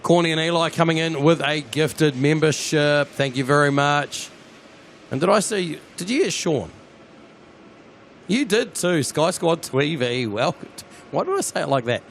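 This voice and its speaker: A man with a New Zealand accent, hosting a live plane-spotting stream, chatty and excitable as he talks to his viewers outdoors at an airport. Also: a little high, moderate pace, slight background noise.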